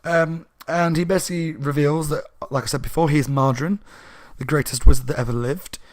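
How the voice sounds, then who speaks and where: A man with a sore throat casually retelling a book plot as a reviewer, rambling and animated. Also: on the high side, fairly quick. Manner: rambling, animated, laughing asides.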